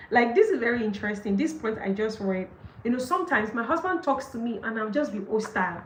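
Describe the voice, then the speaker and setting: A woman's voice: fairly high pitch, animated, a little fast, roomy sound, slight background noise, poor audio. A young adult woman with a Nigerian accent, hosting a book session and commenting emphatically on what she reads, often laughing and acting out quoted excuses. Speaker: book discussion host. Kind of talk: live session reading and commenting on a marriage book.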